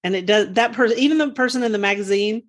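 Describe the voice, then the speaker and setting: A woman's voice: fairly high pitch, fast talker. A woman co-hosting a podcast in casual chat, talkative and rambling, with frequent laughs and fillers. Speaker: podcast co-host.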